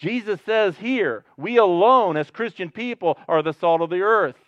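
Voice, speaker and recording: A man's voice: high voice, lively intonation, moderate pace, a bit bright, dry recording, lo-fi sound. A man preaching a sermon as pastor, talking conversationally and joking with the congregation, then growing emphatic. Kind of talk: sermon with jokes.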